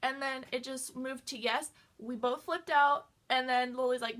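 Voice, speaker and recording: A woman vlogger telling a story in casual chat, excitable and full of "like". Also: high voice, brisk, few pauses. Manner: excitable, fills talk with "like".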